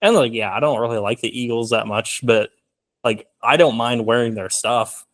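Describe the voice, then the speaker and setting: A man's voice: medium pitch, steady tone, moderate pace. A young man talking casually as a film guest in an interview, rambling with many fillers. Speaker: filmmaker guest.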